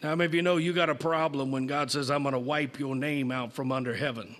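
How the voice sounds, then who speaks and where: A man preaching a sermon and reading scripture aloud, slow and emphatic, rising in force on key verses. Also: mid-range voice, steady tone, a bit bright. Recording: long reverb of a large hall.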